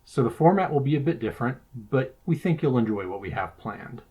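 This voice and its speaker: Husky man narrating a ghost story. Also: medium pitch, lively intonation, dark tone. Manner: measured storytelling delivery. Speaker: podcast co-host.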